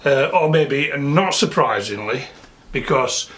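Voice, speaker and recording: A vlogger from Sheffield with a Yorkshire accent, chatting casually and rambling with many fillers and restarts. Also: male voice, mid-range voice, lively intonation, slow, a bit bright. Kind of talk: casual vlog chat. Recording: music playing behind.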